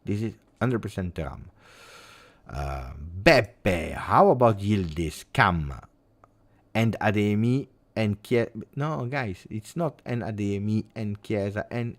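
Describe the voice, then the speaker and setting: Italian guy on a live stream, super low voice, chatty and rambly with lots of ums. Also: takes it slowly. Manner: rambling and expressive, with many fillers. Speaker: football channel host. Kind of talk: casual live-stream chat.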